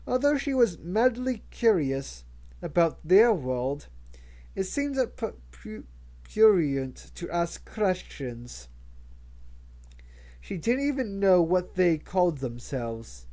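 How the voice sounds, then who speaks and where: A reader narrating a novel aloud in a measured way, with occasional stumbles and restarts. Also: medium pitch, big pitch swings, warm tone. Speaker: audiobook reader. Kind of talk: audiobook narration.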